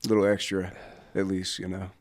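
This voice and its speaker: A man's voice: low-pitched, monotone, a little fast. A young man from the Denver area, a musician guest chatting casually and agreeably on a podcast, with lots of fillers. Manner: easygoing, agreeable, many fillers. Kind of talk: casual chat.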